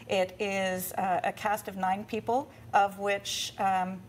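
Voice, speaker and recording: A woman's voice: mid-range voice, little pitch movement, takes it slowly, a little hiss or hum. A woman who chairs a theatre's volunteer committee, explaining things at length in a TV interview, with fillers.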